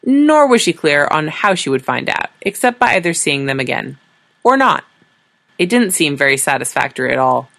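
A woman's voice: low voice, sing-song, normal speed, gravelly, fairly bright tone. A woman narrating a science fiction story in a dry, wry storytelling manner.

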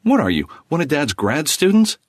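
A man's voice: on the high side, huge pitch swings, moderate pace, no echo, voice pushed up. A man voicing a young office writer who talks in a sarcastic, bitter way. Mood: exasperated.

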